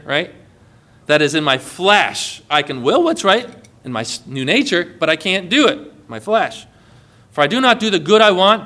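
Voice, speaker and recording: Guy preaching a sermon, pretty high pitched, earnest and building up. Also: pushed and bright. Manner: earnest preaching with rising exhortation. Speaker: pastor.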